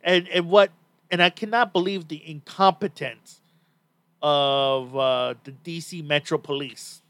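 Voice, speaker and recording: A man's voice: a little high, steady tone, unhurried, a bit bright, no room sound. A man hosting a podcast in casual chat, talking bluntly and swearing freely. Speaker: podcast host.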